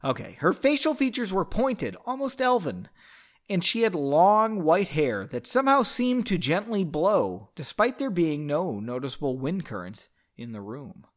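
A man's voice: fairly high pitch, unhurried. A man reading a story aloud, breaking off for irreverent, joking asides. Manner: animated, irreverent, self-mocking. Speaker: story reader.

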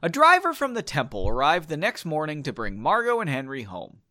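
A man's voice: on the high side, wildly swooping pitch, brisk, sharp tone, dry recording, studio quality. A man reading a story aloud, breaking off for self-mocking, joking asides. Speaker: story reader. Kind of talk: casual read-aloud with commentary.

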